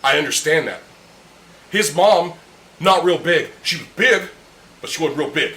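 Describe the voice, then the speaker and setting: Speaking a little slowly, a young male podcast host rants heatedly and swears constantly while having beers with friends in a casual room chat. His slightly high voice has lively intonation and sounds pushed and bright. The space is echoey, with faint ambient noise.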